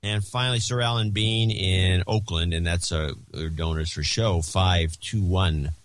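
A man's voice: sits low, steady tone, unhurried, slight background noise. A man co-hosting a podcast, reading a list of donors and teasing his partner in a dry manner. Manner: dry, teasing, reads out lists of names. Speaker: podcast co-host. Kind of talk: casual chat.

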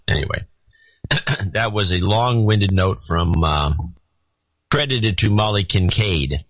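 A man's voice: on the low side, lively intonation, slow, pauses often, dry recording, rough recording. A man co-hosting a podcast in casual chat, reading listener notes aloud with a dry, wry delivery. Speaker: podcast co-host.

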